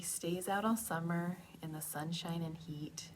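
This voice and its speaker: A young woman librarian reading a picture book aloud to children, animated and chatty, with asides to the kids. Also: fairly low pitch, a little slow, hardly any pauses, a little hiss or hum.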